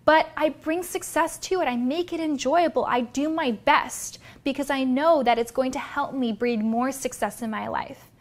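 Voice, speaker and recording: A woman, a business coach and vlogger, giving an energetic, direct motivational talk to her viewers. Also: sits high, normal speed, few pauses.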